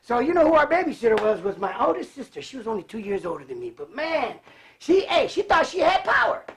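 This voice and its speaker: Animated high-voiced man telling stories. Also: fast. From Cleveland, raised in California. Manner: animated, laughs often, acts out voices. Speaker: guest. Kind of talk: casual storytelling.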